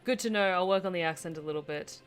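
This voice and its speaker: A woman streaming a game, chatting casually and excitably with her viewers and muttering as she sorts through items. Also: fairly low pitch, fast talker. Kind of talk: casual let's-play commentary.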